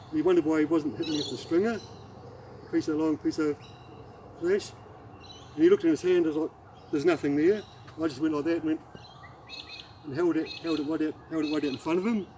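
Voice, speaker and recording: A middle-aged Australian man telling a rambling anecdote as a martial arts instructor, halting and restarting as he demonstrates the moves. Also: on the high side, dark tone, a little hiss or hum, low-quality recording. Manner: rambling, halting storyteller who demonstrates moves while talking. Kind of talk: casual spoken anecdote with demonstration.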